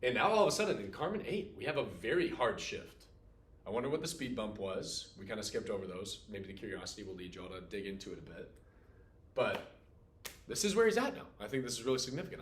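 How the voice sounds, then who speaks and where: A man's voice: lowish voice, animated, fast. A man teaching a Latin class, quizzing students playfully and walking them through a poem line by line in a classroom. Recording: echoey classroom room sound.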